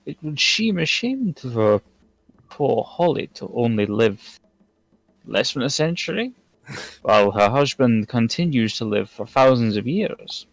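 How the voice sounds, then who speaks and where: A man narrating a tabletop game as game master, in a measured, formal way. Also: mid-range voice, sing-song, creaky, no room sound, low-quality recording.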